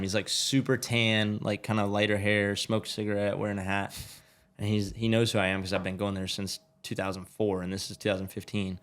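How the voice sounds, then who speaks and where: Laid-back racer guy, low-ish voice, loose rambling anecdote style. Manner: laid-back, swears freely, filler "like". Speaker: motorcycle racer guest. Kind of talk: casual storytelling.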